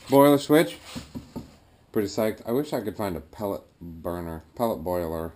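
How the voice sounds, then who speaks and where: A man talking casually as he works on his home boiler, thinking aloud with fillers and throat clearing. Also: lowish voice, animated, moderate pace, mellow. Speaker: DIY builder vlogging his project. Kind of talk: casual talk-through while working. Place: garage boiler room, indoors. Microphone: action camera.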